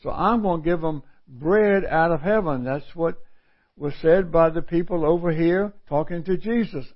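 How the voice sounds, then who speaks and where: In a dull lo-fi recording, a middle-aged pastor delivers a sermon at a moderate pace, his voice a little high. He reads scripture aloud, explains it in a folksy manner, and repeats phrases for emphasis.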